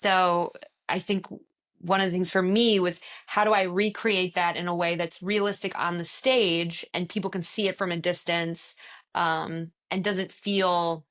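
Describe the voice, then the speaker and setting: Actress guest, low-pitched, chatty, quick to laugh, mimics voices in her stories. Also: steady tone, a bit bright. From American Midwest. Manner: chatty, laughs often, acts out quoted voices. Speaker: stage actor, interview guest. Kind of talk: casual interview chat.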